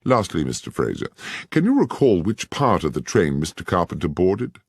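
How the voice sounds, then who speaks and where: A male narrator voicing Sherlock Holmes as a keen, incisive detective who questions in a crisp, measured way. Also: low-pitched, huge pitch swings, a little mellow, dry recording, clean studio sound, heavily acted. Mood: probing.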